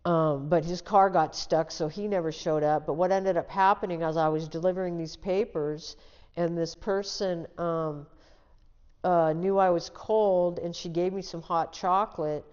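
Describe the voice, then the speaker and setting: A woman's voice: on the low side, steady tone, a little slow, darkish tone, clear, resonant tone. A woman in her sixties from the Seattle area, telling her life story as an interview guest in a candid, plain-spoken way. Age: 60s. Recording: dull, lo-fi sound with long reverb.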